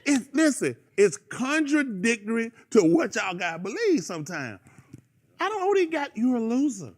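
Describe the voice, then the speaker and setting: Guy on a radio show, real high voice, swings all over, rambling rant. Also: very animated, normal speed. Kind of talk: casual chat.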